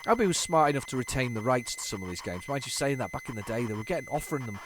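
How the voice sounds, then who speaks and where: A man's voice: mid-range voice, lively intonation, rapid-fire, noisy background. A man hosting a retro gaming video, chatting casually to viewers as he rambles, stumbles and restarts his sentences. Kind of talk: casual running commentary.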